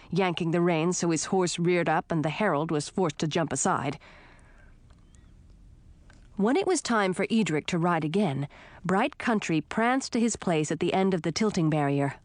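A woman's voice: lowish voice, no echo. Woman reading a story, dry close sound. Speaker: audiobook narrator. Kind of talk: scripted narration.

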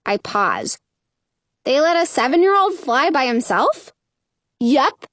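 A woman's voice: slow pace, no room sound, heavily acted. A woman reading aloud voices a bold, teasing young boy who dares his older sister. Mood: coaxing. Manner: taunting, high and lively.

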